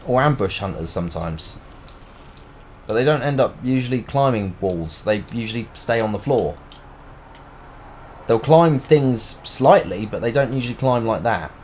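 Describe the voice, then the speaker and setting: While streaming a video game live, a man chats and rambles in a joking way. His medium-pitched voice is expressive with a darkish tone at a moderate pace, and there's a little hiss or hum in the audio.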